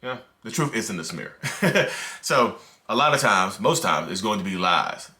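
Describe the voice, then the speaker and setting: A man talks straight to camera in a casual, ranting way, full of filler words. His voice sits low but sounds bright and forceful. He swings up in pitch whenever he gets worked up. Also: very animated, measured pace. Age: 30s. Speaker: mental health video host. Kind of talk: casual direct-to-camera talk.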